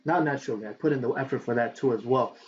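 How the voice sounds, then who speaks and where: A man's voice: mid-range voice, racing. Chatty man coaching with a dull lo-fi sound. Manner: chatty, repetitive, keeps asking "right?"; animated, reaching around for books while talking. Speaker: affiliate marketing coach. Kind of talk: casual on-camera tutorial. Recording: dull lo-fi sound with faint background noise.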